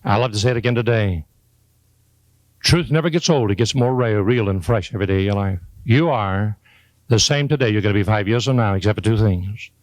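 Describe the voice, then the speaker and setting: A man's voice: a little fast, dry recording. An older man giving a folksy, joking motivational speech to a live audience. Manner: homespun, joking, swings to high excited peaks. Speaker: motivational speaker.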